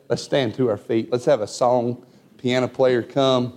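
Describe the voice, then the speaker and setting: A man's voice: medium pitch, moderate pace, darkish tone. A man preaching a sermon, telling a personal story in a folksy way with frequent amens.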